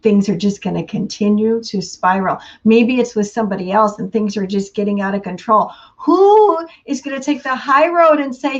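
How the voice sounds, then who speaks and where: A woman giving a casual inspirational talk, unhurried and laughing often between thoughts. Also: mid-range voice, lo-fi sound. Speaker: motivational speaker.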